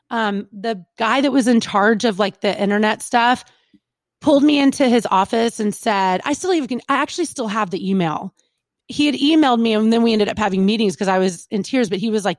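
A woman in her thirties, a radio personality, telling stories in a casual interview, chatty and animated with plenty of fillers. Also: mid-range voice, moderate pace, no room sound. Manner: animated, chatty, lots of fillers and quoted asides.

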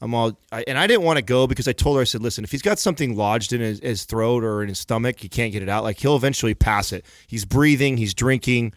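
A man's voice: mid-range voice, quick pace, few pauses, no echo, clean studio sound. A man telling a long story in casual chat, rambling and swearing freely as he goes.

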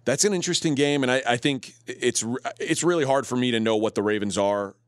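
A man's voice: mid-range voice, brisk. A man co-hosting a sports betting show in loose, conversational talk. His voice sits in an ordinary middle range. The recording is dry and close, with no room echo. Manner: conversational, talks through point spreads and odds. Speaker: sports betting podcast host.

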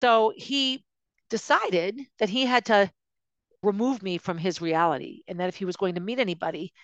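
A woman's voice: medium pitch, normal speed, no echo. Woman host, personal storytelling monologue, emotional and confiding, dry close sound. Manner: emotional, confiding, with frequent restarts. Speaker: podcast host recounting her own life.

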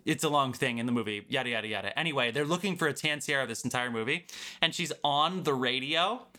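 A man co-hosting a podcast, chatting casually about a film and retelling its scenes in an animated way. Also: medium pitch, fast. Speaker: podcast co-host.

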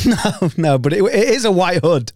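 A young man bantering on a podcast. His voice sits high and leaps all over the place as he jokes, swears and laughs loudly. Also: expressive, measured pace, no echo, clean studio sound. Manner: joking, loud laughs, swears freely. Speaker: podcast co-host. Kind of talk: casual banter.

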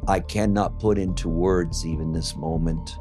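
A middle-aged man giving an emotional personal testimony as an interviewee, blunt and profane, halting often with fillers. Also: sits low, fairly even intonation, over music.

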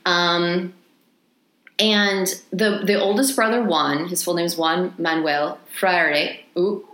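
A woman's voice: on the low side, fairly even intonation, takes it slowly, a bit bright, reverberant. Casual, swearing Texan woman. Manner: casual, swears freely, laughs often. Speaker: podcast co-host. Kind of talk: casual chat, storytelling.

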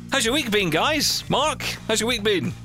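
A man's voice: sits high, animated, slow pace, pushed and bright, faint music behind. A man hosting a podcast, chatting casually in a playful, rambling, self-deprecating way. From England. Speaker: podcast host. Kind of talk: casual chat.

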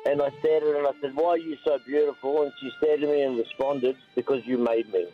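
A man's voice: mid-range voice, fairly even intonation, quick pace, faint music behind. A man calling in to radio, heartfelt and moved as he tells a story about his daughter. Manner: emotional, heartfelt. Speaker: caller. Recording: tinny phone line.

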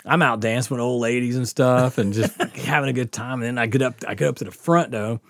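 A man's voice: medium pitch, fairly even intonation, brisk, creaky, no echo, studio quality. A middle-aged man, telling a rowdy, profane story on a podcast and laughing as he talks. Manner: rowdy, profane, laughs through his stories. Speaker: podcast host. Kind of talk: casual storytelling.

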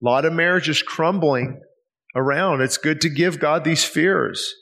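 Man, pastor, higher-pitched, earnest, pleading, preaching a sermon. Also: unhurried, vocal fry, a bit bright. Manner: earnest, pleading, many rhetorical questions. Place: church service.

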